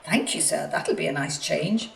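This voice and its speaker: A gentle, kindly little engine. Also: female voice, deep voice, normal speed, vocal fry, slight background noise. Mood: pleased. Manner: soft and polite. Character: gentle, kindly older male tank engine. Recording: echoey room, distant mic, faint music.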